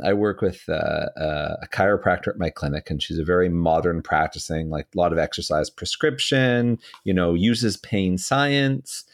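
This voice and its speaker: A man co-hosting a podcast, telling a work story in a relaxed, rambling way. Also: low-pitched. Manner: relaxed, rambling, many fillers and restarts. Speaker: physiotherapist podcast co-host.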